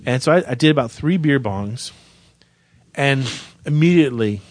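Deadpan, self-mocking storytelling man. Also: mid-range voice, normal speed. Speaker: podcast co-host. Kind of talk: casual storytelling chat.

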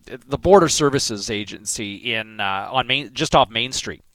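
A man's voice: mid-range voice, animated, unhurried, pushed and bright, no echo. A man with a mid-range voice hosting a morning radio show. He rambles through his story, full of fillers and restarts. He is recorded close and dry in the studio. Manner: rambling, with many fillers and restarts, gets worked up. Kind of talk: casual storytelling chat.

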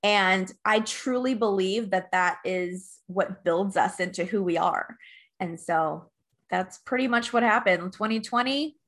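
Earnest, animated woman life coach. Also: mid-range voice, unhurried. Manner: earnest, animated storyteller with frequent laughs. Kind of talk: casual podcast interview.

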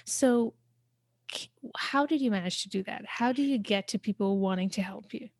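A woman's voice: medium pitch, moderate pace, gravelly, darkish tone, dry recording. A woman hosting a podcast interview, encouraging and affirming her guest. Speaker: podcast host.

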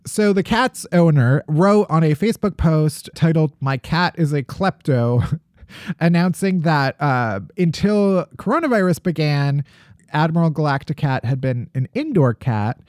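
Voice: mid-range voice, lively intonation, measured pace, darkish tone, no echo. A host reading odd news stories on a casual podcast, with dry jokes and laughter. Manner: jokey, dry asides, laughs while reading. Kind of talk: casual chat.

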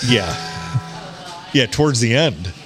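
A man hosting a podcast from a bar, telling a story in a casual, animated way, swearing and quoting people. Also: medium pitch, takes it slowly, soft background music. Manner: swearing, animated anecdote teller who quotes people. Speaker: podcast host.

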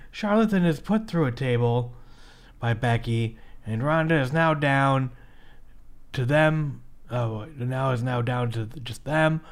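A man co-hosting a casual podcast, recapping a wrestling match in a blunt play-by-play way. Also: on the high side. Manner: blunt, rapid play-by-play narration. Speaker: podcast co-host.

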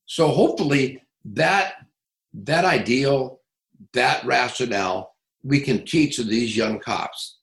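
A middle-aged man working as a police trainer, telling stories in an interview in a blunt, profane, animated way. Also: medium pitch, takes it slowly, creaky, echoey room, low-quality recording. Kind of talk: casual interview storytelling.

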